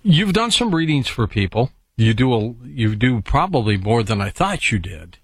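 Man hosting a radio call-in show, lively pitch, dry close mic. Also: slightly rough, no room sound. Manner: brisk, friendly, takes calls. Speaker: radio talk show host.

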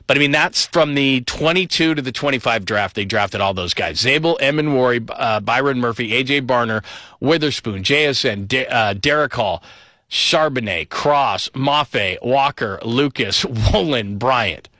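A man giving an enthusiastic solo sports commentary, rattling off players and stats with animated emphasis. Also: no echo, studio quality. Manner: fast, enthusiastic rundown of names and stats; animated, pitch rises on key points.

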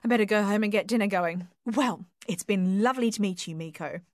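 A woman reading the part of a talkative middle-aged farmer's wife who fusses brightly. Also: medium pitch, fairly quick, dry recording, clean studio sound, close to an everyday voice. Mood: chatty.

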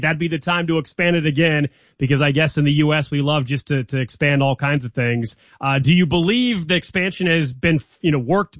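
A man hosting a casual sports interview, asking his guest quick questions in a relaxed way. His voice sits a little high. The recording is dry and close. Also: no room sound. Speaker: interview host.

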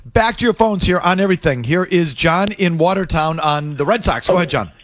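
Animated sports radio host man. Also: on the high side, fairly quick.

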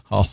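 A man's voice: dark tone, no room sound, clean studio sound. A man hosting a radio show who reads listener mail and jokes with his co-hosts. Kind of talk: casual radio banter.

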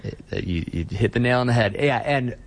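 A man's voice: mid-range voice, lively intonation, moderate pace. A man who is a pastor, speaking as an interview guest in an earnest way and often restarting his words while he thinks.

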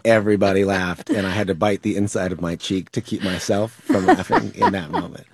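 A man's voice: deep voice, brisk, husky, dry recording. A man actor, a guest, telling stage stories enthusiastically. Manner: enthusiastic, animated storytelling.

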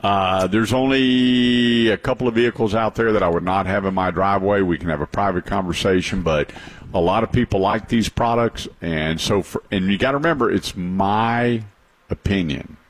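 A man's voice: on the low side, normal speed. A man hosting a radio talk show about cars, chatty and emphatic, telling stories with repeated points. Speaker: radio show host, car advisor.

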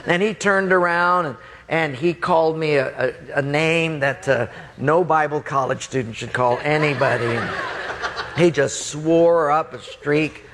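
Animated man telling a sermon story. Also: unhurried. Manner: animated, laughing, pitch jumps high in the funny parts. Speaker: preacher.

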